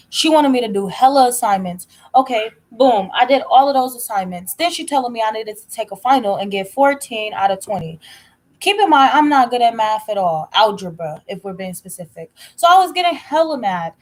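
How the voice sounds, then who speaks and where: A young woman, telling a personal story in casual chat, blunt and animated, swearing freely. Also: on the high side, fairly quick, low-quality recording. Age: young adult. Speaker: tarot reader telling a story.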